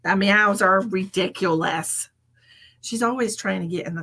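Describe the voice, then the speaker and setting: Woman, live-stream medium; husky, gravelly voice; chatty and affectionate with viewers. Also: mid-range voice, measured pace, pushed and bright. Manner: chatty, calls people endearments. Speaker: psychic medium. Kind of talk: live-streamed psychic reading.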